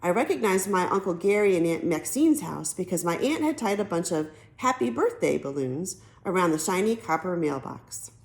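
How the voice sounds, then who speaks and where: A woman reads a children's novel aloud as an audiobook narrator. Her pitch swings widely as she tells the story, with bouncy, expressive storytelling. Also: moderate pace, hardly any pauses, rough recording. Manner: lively storytelling, switches into character voices.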